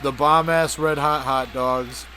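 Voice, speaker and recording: A man's voice: medium pitch, steady tone, slow pace, sharp tone, slight background noise. A man co-hosting a podcast, telling a crude, rambling comedic story full of profanity and acted-out voices. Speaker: podcast co-host.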